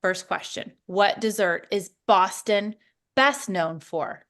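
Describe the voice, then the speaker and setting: A woman co-hosting a podcast in casual chat, playful and teasing, quick to laugh. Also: mid-range voice, lively intonation, fairly bright tone. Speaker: podcast co-host.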